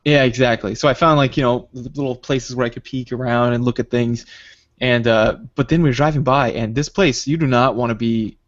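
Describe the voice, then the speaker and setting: A man on a podcast tells a gaming story at a rapid clip, jumping into quoted voices as he goes. The sound is dry and close, with a dull lo-fi tone. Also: medium pitch, dry recording. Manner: animated retelling, acts out quoted dialogue. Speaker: podcast host. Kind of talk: casual storytelling chat.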